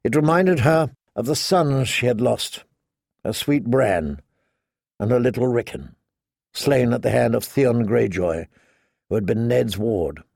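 A man narrating a fantasy audiobook in a measured, even storytelling manner. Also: medium pitch, gravelly, no room sound, studio quality.

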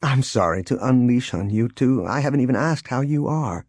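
Guy doing a sharp, pointed lady leader, husky voice, lively. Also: medium pitch, no echo, studio quality. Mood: vexed. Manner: venting, quick and pointed. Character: adult woman, a sharp and frustrated leader.

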